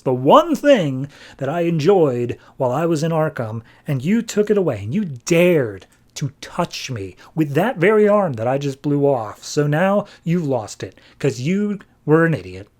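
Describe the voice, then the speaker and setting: A vain comic-book villain who sneers at everyone and flares up the moment he is touched, as a man puts him on. His voice sits a little high and climbs sharply when he loses his temper. The tone is scornful and petulant throughout. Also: big pitch swings, moderate pace, hardly any pauses, darkish tone. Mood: gloating. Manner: sneering, easily riled, scornful. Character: vain, touchy male supervillain riddler, adult.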